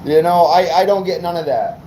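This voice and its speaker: A fired-up man from New England rambles and swears through a casual livestream chat. His voice sits high for a man. Faint noise hums behind him. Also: brisk, warm tone, rough recording. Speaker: car audio livestreamer.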